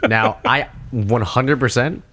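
A man's voice: mid-range voice, takes it slowly, fairly bright tone, a little hiss or hum. A man in his thirties telling a long personal story in casual chat. He rambles with lots of fillers and swears freely. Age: 30s.

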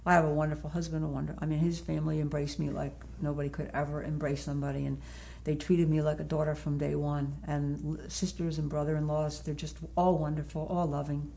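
A woman's voice: sits low, flat delivery, brisk, gravelly, dark tone. A woman in her sixties, an author, chatting in an interview, laughing often and restarting her sentences. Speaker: author guest. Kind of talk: casual interview chat.

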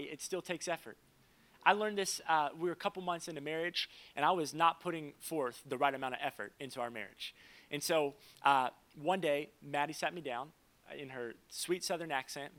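A young man preaching a sermon as pastor, in a casual, conversational way with quick asides and stories told for laughs. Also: a little high, bright, forceful tone.

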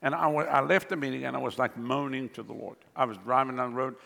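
A man preaching a sermon as pastor, animated, with sweeping pitch jumps and chuckling asides. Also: fast talker, vocal fry, in a large hall.

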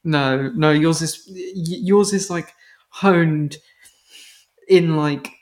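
A woman's voice: deep voice, very slow, darkish tone. A woman co-hosting a podcast, chatting casually in an exasperated, sweary way. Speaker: podcast co-host. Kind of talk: casual chat.

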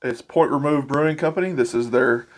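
A man from Arkansas, co-hosting a podcast in a relaxed, easygoing way, often pausing on fillers. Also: mid-range voice. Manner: relaxed, easygoing, quick to laugh, hesitant fillers. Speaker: podcast co-host. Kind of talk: casual chat.

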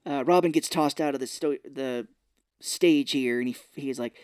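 A man co-hosting a podcast, retelling a film scene by scene in casual chat and slipping into quick voices for the characters. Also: medium pitch, steady tone, a little mellow, clear, resonant tone, no room sound, studio quality. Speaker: podcast co-host. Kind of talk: casual movie recap chat. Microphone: podcast microphone.

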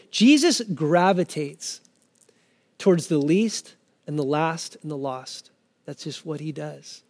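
A man's voice: fairly high pitch, a little mellow. A man preaching a sermon with passion, acting out the voices of the people in the scripture as he tells the story. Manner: impassioned preaching, voicing the people in the scripture he quotes. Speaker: pastor.

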